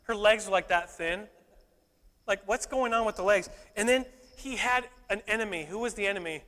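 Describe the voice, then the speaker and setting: A man's voice: high voice, normal speed, a bit bright. A male pastor preaching a sermon in a church, playful and joking one moment, fervent the next. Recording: echoey hall reverb.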